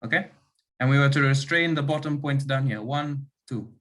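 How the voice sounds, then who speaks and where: A man demonstrating an engineering lab to students over a video call. He explains step by step. He pauses often to ask whether everyone is following. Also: medium pitch, fairly bright tone. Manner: checks understanding with frequent "okay" and "right". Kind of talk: online engineering lab class.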